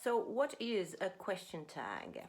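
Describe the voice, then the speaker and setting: A woman's voice: medium pitch, slow pace. A woman teaching an online English lesson, taking her time and stretching her words. Her voice rises and falls a great deal as she demonstrates intonation, checking in with her students again and again. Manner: expressive, plays with intonation, checks in with "okay?".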